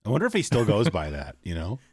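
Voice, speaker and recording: A man's voice: fairly low pitch, huge pitch swings, fast, dry recording, studio quality. A man co-hosting a podcast in casual chat, talking loosely and leaning on "like" and "you know". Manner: chatty, leans on "like" and "you know". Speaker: podcast co-host.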